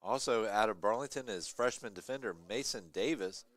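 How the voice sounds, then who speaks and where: A man giving live play-by-play commentary on a college lacrosse game, chatty between plays and excited on big ones. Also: fairly low pitch, brisk, no room sound. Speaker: play-by-play announcer.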